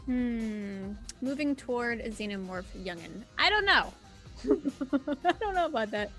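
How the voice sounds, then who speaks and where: Female player, high and bright, hesitant and giggly; faint music behind. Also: animated, a little slow. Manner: hesitant, asks rule questions, giggles. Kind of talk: tabletop role-play chat.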